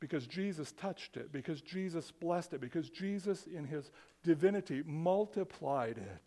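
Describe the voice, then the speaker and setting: A man preaching a sermon as pastor, animated and conversational, often restarting his phrases. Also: a little high, normal speed.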